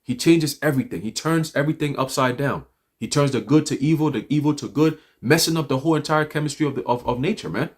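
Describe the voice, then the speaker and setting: A man giving an animated, profane, rambling religious talk on a livestream, mixing stories with scripture. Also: fairly high pitch, fast talker. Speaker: livestream speaker. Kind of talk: loose religious street talk. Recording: livestream audio.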